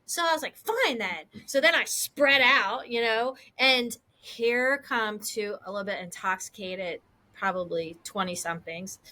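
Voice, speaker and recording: A woman co-hosting a casual chat podcast, telling stories in an animated, self-mocking way. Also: mid-range voice, moderate pace. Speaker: podcast co-host.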